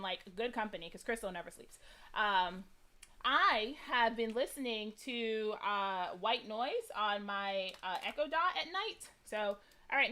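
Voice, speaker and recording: A woman's voice: fairly high pitch, sharp tone. A young American woman hosting a live crafting stream, chatting casually and laughing at herself while she works. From United States. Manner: chatty, self-deprecating, laughs often, greets viewers by name. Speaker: crafting livestream host.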